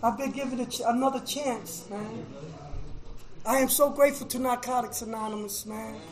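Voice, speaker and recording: High-voiced man giving emotional testimony. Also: fairly even intonation, normal speed, echoey room, poor audio. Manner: emotional, swings from hushed to shouting; preacher-like, repeats phrases, says "man" often. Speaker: recovery speaker at a fellowship meeting. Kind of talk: personal testimony to an audience.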